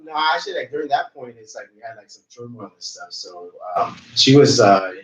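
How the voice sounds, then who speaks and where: A man from Southern California talks casually as a podcast guest, his low voice rambling along with many fillers and fading off at the ends of thoughts. He sits back from the mic, so he sounds distant. The room is echoey and the sound dull and lo-fi. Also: very animated, brisk. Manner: rambling, heavy use of "like", trails off quietly. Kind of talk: casual interview conversation.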